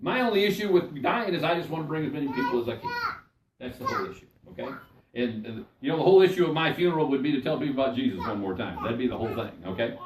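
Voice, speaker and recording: A man's voice: medium pitch, expressive, racing, background noise. An older man and pastor leading a Bible study sermon in a folksy, conversational way, often checking in with his listeners. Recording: echoey room, mic at a distance.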